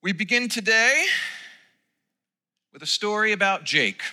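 Pastor guy preaching, high voice, really bright, echoey church hall, playful storyteller. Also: animated, unhurried. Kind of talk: sermon with a comic story. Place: church sanctuary. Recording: long reverb in a church hall.

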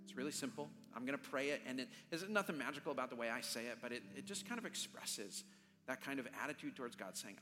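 A man's voice: medium pitch, lively intonation, quick pace. A man preaching as a pastor, earnest and pleading, leading a prayer in a church. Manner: earnest, pleading, repeating phrases. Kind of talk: sermon and altar-call prayer. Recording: long reverb, soft music behind.

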